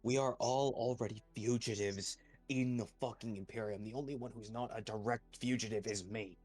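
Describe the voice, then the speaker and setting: A man playing a tabletop role-playing game, arguing in character in a blunt, profane and forceful way. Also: medium pitch, steady tone, moderate pace, husky, faint music behind.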